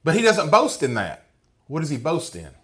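A man's voice: a little high, huge pitch swings, normal speed, a crowd in the background. A man teaching through a Bible passage to a class, reading verses aloud and often checking in with listeners by asking "okay?" or "right?". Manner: reads scripture passages aloud.

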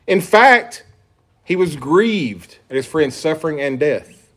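A pastor preaching an earnest sermon, reading scripture aloud with emphatic stresses. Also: male voice, on the high side, lively intonation, slow.

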